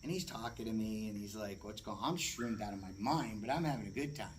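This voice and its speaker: A man's voice: fairly low pitch, fast, a little hiss or hum, poor audio. A man casually telling an anecdote as a podcast guest, acting out other people's voices. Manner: animated, acts out the voices of others.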